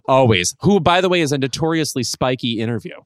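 A man with a mid-range voice co-hosts a chatty podcast. His recording is close and dry, with no room sound. He drops wry, deadpan asides as he goes. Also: mid-range voice, quick pace, clean tone, no echo. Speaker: podcast co-host. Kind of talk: casual pop culture chat.

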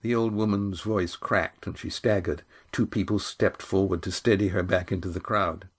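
A man reading a chapter of a novel aloud as narrator, in a measured, unhurried way. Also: low-pitched, fairly even intonation, husky. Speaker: audiobook narrator. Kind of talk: scripted narration.

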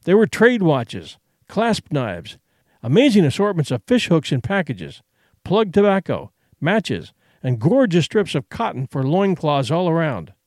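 A man reads a classic adventure story aloud with an animated, rising-and-falling delivery and a fairly high voice. His narration is measured and expressive, recorded close and dry with no room in it. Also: no echo. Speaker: audiobook narrator.

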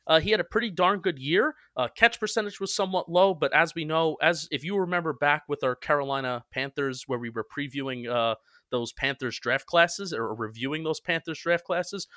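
A young man chats about football on a podcast, his voice bright and a touch high. He trips over restarts and pokes fun at himself. The sound is dry and close, with no room around it. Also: dry recording. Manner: quick, self-mocking, stumbles into restarts. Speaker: podcast co-host. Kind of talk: casual sports podcast chat.

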